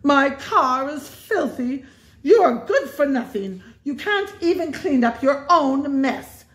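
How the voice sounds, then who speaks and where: A woman's voice: high-pitched, lively intonation, slow, voice pushed up. A woman voicing a haughty, furious rich villainess who sputters and screams, read aloud in a storybook telling, recorded in an echoey room. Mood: commanding.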